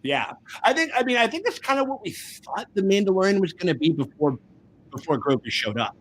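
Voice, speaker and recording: A man's voice: high voice, sing-song, brisk, fairly bright tone. Upbeat male livestream host. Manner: rambling, restarts often. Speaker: podcast host. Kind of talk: casual livestream chat.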